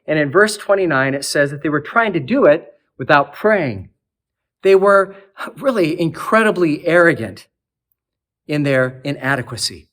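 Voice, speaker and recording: Earnest male preacher, fairly high voice. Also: lively intonation, moderate pace. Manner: earnest, builds lists and drops to a soft low close. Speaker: archdeacon preaching. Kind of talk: sermon. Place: cathedral.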